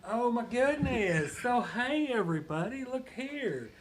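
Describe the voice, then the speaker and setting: A man doing a giddy character voice pitched well above his own, drawn out and loud. He reads slowly and gushes over every line. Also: very animated, exaggerated voice.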